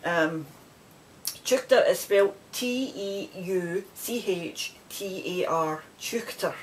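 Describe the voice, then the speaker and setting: A woman's voice: lowish voice, slow, slight background noise. A woman from the west of Scotland with a Scottish accent, hosting a knitting podcast in a chatty, rambling way and laughing often. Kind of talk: casual chat.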